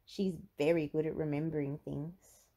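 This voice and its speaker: A woman voicing a kindly old grandmother pig in a gentle sing-song voice. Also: sits low, level tone, normal speed, pitched below the performer's own voice.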